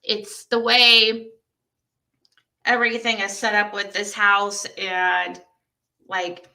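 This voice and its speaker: A young woman hosting a livestream speaks slowly in a mid-range voice. She chats casually while telling a story, reacting to viewers' comments with animated exclamations.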